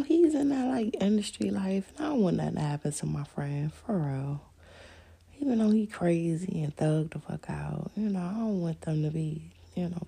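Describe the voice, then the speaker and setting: A woman talks on her podcast in a loose, rambling monologue, blunt and full of swearing, laughing as she goes. Her voice is gravelly and husky, with a rough edge to it. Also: lowish voice, mellow. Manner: candid, profane, laughs often; rambling storytelling. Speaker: podcast host. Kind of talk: casual monologue.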